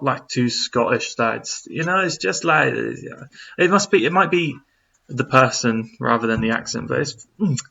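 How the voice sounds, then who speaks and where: A man's voice: mid-range voice, vocal fry, bright, forceful tone, slightly rough, muffled recording. A man who speaks, casually answering viewer questions on a live stream, rambling with lots of fillers as he reads the chat.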